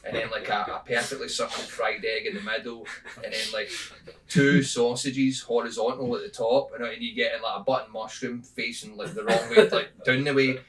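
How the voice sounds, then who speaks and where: A man's voice: mid-range voice, normal speed, a bit bright, distant mic, rough recording. A Scottish man, a comedian guest on a podcast, telling long rambling jokes in casual chat and swearing freely. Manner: rambling storyteller, swears freely, bursts into laughter.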